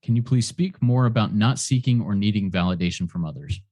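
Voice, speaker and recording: A man's voice: on the low side, animated, brisk, dark tone, dry recording, clean studio sound. A man hosting a meeting who reads out audience questions. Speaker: meeting host.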